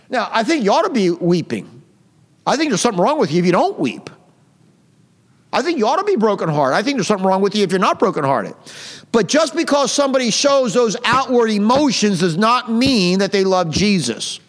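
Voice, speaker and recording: A man leading a Bible study, reading verses slowly and stopping to define words, then pressing his points with emphatic repetition. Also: sits high, big-room sound. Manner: slow, deliberate reading of scripture, pausing to define words; repetitive and emphatic, with rising intensity.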